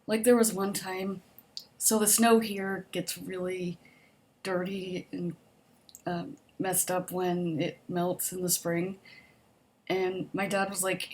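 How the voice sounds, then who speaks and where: Young adult woman, casual vlogger answering a survey, a bit lower-pitched, optimistic, loose and chatty with filler words. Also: flat delivery, takes it slowly, a little mellow, slight background noise. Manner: chatty, upbeat, optimistic, frequent "like" and "um". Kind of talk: casual survey vlog, reading questions and answering.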